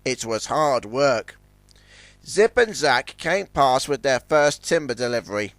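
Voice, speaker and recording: A man narrating a children's storybook in a lively, expressive reading style. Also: mid-range voice, unhurried, no room sound.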